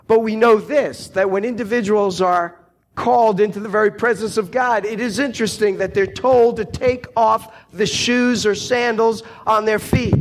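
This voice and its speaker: A man preaching a sermon, slow and deliberate, lifting his voice on quoted cries. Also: sits high.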